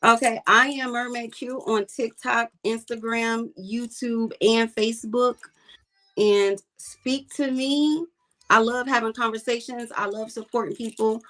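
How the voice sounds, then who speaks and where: A woman's voice: on the high side, steady tone, a little slow, a bit bright, soft background music. A woman guest, a commercial fisherwoman, talking bluntly and emphatically in a casual interview and repeating her points for weight.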